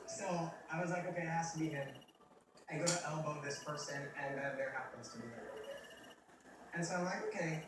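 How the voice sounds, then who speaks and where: Young man, slightly high voice, candid rambling testimony, self-deprecating humor, very echoey room, distant mic, audible background noise. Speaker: testimony speaker. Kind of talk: personal testimony, casual storytelling.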